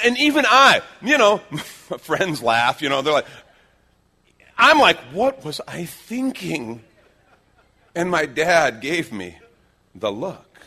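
A middle-aged male pastor preaching a sermon, telling stories with lively changes between loud acted-out lines and hushed quiet moments. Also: on the high side. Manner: animated storytelling, acting out quoted lines, dropping to hushed tones.

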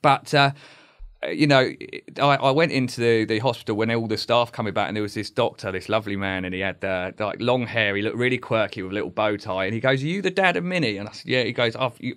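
A man's voice: fairly low pitch, fairly even intonation, a little fast, fairly bright tone. A man, telling a raw personal story on a podcast, swearing freely and trailing off mid-sentence. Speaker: podcast guest.

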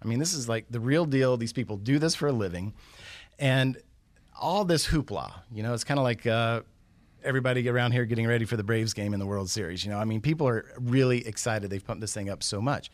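Man, middle-aged, guest speaker, lively storytelling, questions to the room, dry close sound. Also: mid-range voice, quick pace, dry recording. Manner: animated, builds suspense with questions. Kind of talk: motivational storytelling.

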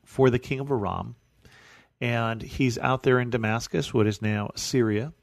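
A man reading a Bible passage aloud, then explaining it in a relaxed, conversational way as a study teacher. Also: medium pitch, measured pace, gravelly, no echo, clean studio sound. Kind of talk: scripture reading and teaching commentary.

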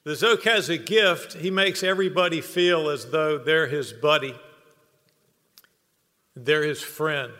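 A man's voice: a little high, unhurried, long pauses, pushed and bright. A man giving a humorous tribute speech at a hall of fame induction, telling anecdotes before an earnest close. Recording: long reverb of a banquet hall.

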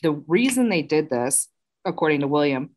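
A woman with a notably low voice talks through a true crime case in a relaxed, conversational way. She narrates with chatty asides and fillers, like someone telling a friend a story. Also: normal speed, a little hiss or hum. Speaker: true crime podcast host. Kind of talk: casual storytelling chat.

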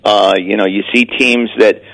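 A man's voice: fairly low pitch, steady tone, normal speed, a bit bright, poor audio. A man talking as a weekly guest on sports radio, in casual chat that stops and restarts often on repeated words.

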